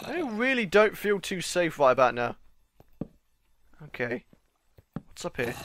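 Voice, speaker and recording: A high-pitched British man with a bright, ringing voice narrates his game live. He chatters, jokes and yells at the creatures on screen, his pitch swooping all over as he reacts. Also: a little slow, pauses often, a little hiss or hum. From Britain. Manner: excitable, yells and pleads at game mobs. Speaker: gaming channel host. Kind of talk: let's-play game commentary.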